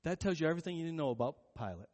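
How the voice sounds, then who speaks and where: High-voiced preacher in a reverberant hall. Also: male voice, expressive, racing, darkish tone. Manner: conversational, storytelling with acted-out quotes. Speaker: pastor. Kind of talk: sermon. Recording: long reverb of a large hall.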